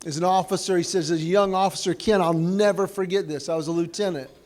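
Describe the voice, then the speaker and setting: High-voiced man telling funny stories. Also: steady tone, fast, a little mellow. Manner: storytelling with acted quotes. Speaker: banquet speaker. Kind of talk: humorous motivational speech. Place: banquet hall, indoors.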